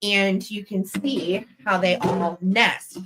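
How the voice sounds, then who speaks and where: A woman's voice: medium pitch, steady tone, slow pace, background noise. A woman hosting a live online vintage sale, chatty and effusive as she shows each item and talks to her viewers. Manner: chatty and effusive, talking straight to the chat. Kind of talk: live online sales pitch.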